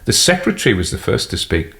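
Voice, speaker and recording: Deep-voiced male audiobook narrator. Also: sing-song, fast talker, gravelly, sharp tone. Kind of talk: scripted narration.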